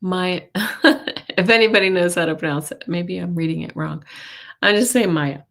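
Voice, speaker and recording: A woman hosting a live stream of tarot readings, talking in a chatty, hesitant way with many fillers and soft laughs, reassuring her viewers. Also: lowish voice, moderate pace, vocal fry. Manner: warm reassuring intuitive tone. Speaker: intuitive reader, stream host.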